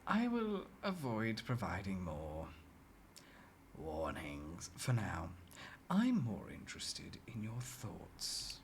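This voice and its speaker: A streamer voicing a mysterious bodiless advisor in a slow, low, hushed manner. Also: huge pitch swings, slight background noise. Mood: calm, hushed.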